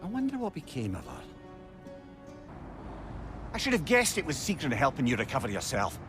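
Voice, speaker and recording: A chatty, playful talking head. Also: male voice, mid-range voice, wildly swooping pitch, normal speed. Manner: playful, teasing, fond of riddles and puns. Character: witty, chatty male talking severed head. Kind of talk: video game voice acting. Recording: game audio with music behind.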